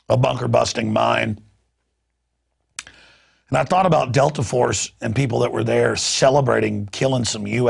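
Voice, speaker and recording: Middle-aged male talk host, husky rasp, stammering, fired-up delivery. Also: medium pitch. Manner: impassioned, indignant, stammering repeats. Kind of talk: heated talk radio rant.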